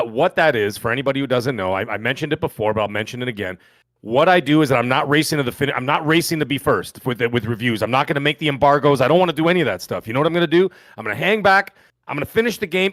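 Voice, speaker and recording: A man's voice: medium pitch, lively intonation, racing, a bit bright, no echo. A middle-aged man from Canada co-hosting a podcast, chatting casually and telling jokey stories. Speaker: podcast co-host.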